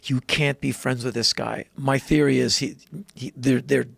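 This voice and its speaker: A man guest telling a story in a casual podcast chat, animated, jumping into loud high voices when he quotes people. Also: normal speed, vocal fry, dry recording. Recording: dry close podcast mic.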